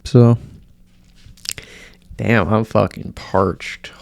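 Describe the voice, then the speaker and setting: A man's voice: lowish voice, extremely slow, vocal fry, a little mellow, dry recording. A man hosting a casual solo podcast, rambling and swearing in an offhand way. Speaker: podcast host.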